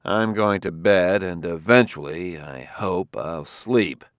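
Guy doing a tired stern detective, low voice, dry close mic. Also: takes it slowly, dry recording. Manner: stern, reasoning and terse. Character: stern, tired middle-aged male detective. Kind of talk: audiobook character voice.

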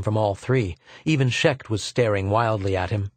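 Measured male audiobook narrator. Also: on the low side, dry recording. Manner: measured, steady storytelling. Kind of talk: scripted narration.

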